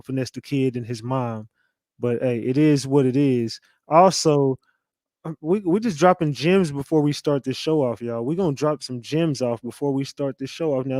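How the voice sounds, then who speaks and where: Animated man hosting a reaction stream. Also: medium pitch, no echo, clean studio sound. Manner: animated, swears often, shouts out viewers. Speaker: live stream host. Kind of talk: live reaction commentary.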